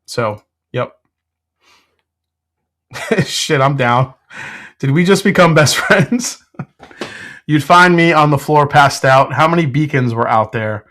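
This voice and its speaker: A man's voice: a little high, slow, long pauses, fairly bright tone. A man hosting a casual live stream from his home whiskey room, laughing often, swearing freely and answering chat. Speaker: whiskey show host.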